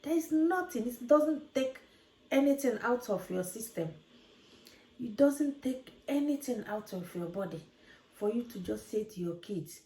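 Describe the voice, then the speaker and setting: A woman's voice: a little high, lively intonation, unhurried, dark tone. A woman, a mother, talking straight to camera with parenting advice, earnest and preachy and repeating her points. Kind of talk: direct-to-camera advice talk. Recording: echoey room.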